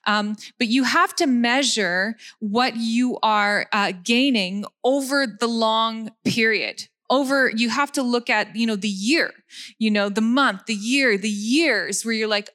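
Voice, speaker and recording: A woman's voice: medium pitch, normal speed. A woman in her thirties from Canada preaching a casual sermon, chatty, laughing at herself, and repeating key words for emphasis. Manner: warm chatty delivery with frequent fillers and self-deprecating laughs.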